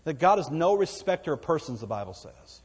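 A man's voice: a little high, sing-song, brisk, husky. A man with a Texan accent preaching a sermon as pastor, folksy and conversational, asking the congregation for amens. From Texas. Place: church sanctuary. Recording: long church hall reverb.

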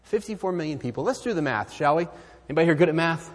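A man speaking as a missionary, making an earnest appeal in a sermon, swinging from loud exclamations to hushed near-whispers. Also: high-pitched, expressive, fast. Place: church sanctuary. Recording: hall reverb.

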